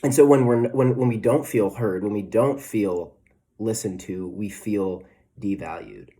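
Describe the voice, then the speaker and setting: A man's voice: lowish voice, a little slow, mellow. A man in his twenties preaching a casual, conversational sermon as a pastor, with self-deprecating asides and frequent "right?" tags. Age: 20s.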